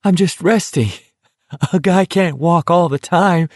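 A man's voice: high-pitched, unhurried, no echo, clean studio sound, pitched above the performer's own voice. A man voicing a dazed, shell-shocked teenage boy pleading to be allowed to rest.

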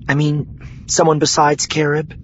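A man voicing a weary, resolute adult woman in an audiobook, with a soft, sighing, earnest delivery. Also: fairly high pitch, monotone, moderate pace, dull audio, slight background noise, voice pushed up, lightly acted. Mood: anxious. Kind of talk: audiobook character voice.

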